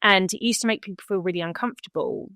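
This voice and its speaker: A woman's voice: medium pitch, fast, sharp tone, no echo, studio quality. Blunt, matter-of-fact woman guest. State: widowed, remarried. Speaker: podcast guest. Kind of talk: frank conversational podcast talk.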